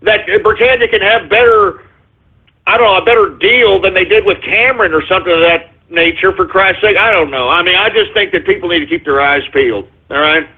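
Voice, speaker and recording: High-pitched guy ranting on his radio show, swearing a lot, yelling now and then, sounds like a phone line. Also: a little fast, husky. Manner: profane, exasperated ranting with sudden shouts. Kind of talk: ranting talk radio monologue.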